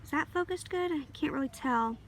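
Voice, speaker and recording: A woman's voice: sits high, brisk, a little hiss or hum. Rambling woman touring her garden. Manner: rambling, easygoing, full of fillers and small apologies. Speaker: garden vlogger. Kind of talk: casual garden tour. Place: outdoors in a home garden. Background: faint outdoor ambience, passing planes.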